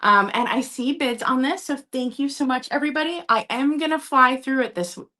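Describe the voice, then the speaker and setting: A woman's voice: high-pitched, fairly quick, bright, forceful tone. A woman hosting a casual live-stream vintage sale from home, chatty and upbeat, talking to her chat. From Minnesota.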